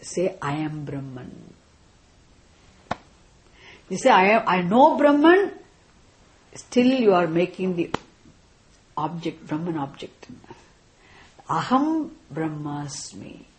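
Slow, deliberate woman teaching scripture. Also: on the low side, very animated, a little hiss or hum. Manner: slow, deliberate, often asks "isn't it?". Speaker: Vedanta teacher. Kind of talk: classroom lecture on scripture.

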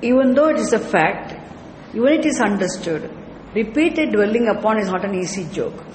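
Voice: medium pitch, animated, normal speed. A teacher giving an explanatory lecture on Sanskrit scripture, patient and often asking the class rhetorical questions. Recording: echoey hall with faint ambient noise.

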